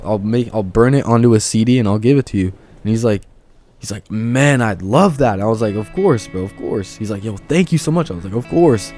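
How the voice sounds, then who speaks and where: An actor playing a laid-back young amateur musician, telling a rambling, slangy, off-script story to the camera. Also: male voice, lowish voice, a little mellow, natural voice. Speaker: aspiring musician.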